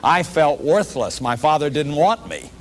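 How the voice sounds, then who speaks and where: A man's voice: on the high side, big pitch swings, unhurried, a little hiss or hum. A man giving a public lecture on shame and recovery, earnest and conversational, often repeating himself and saying "you see" to the audience.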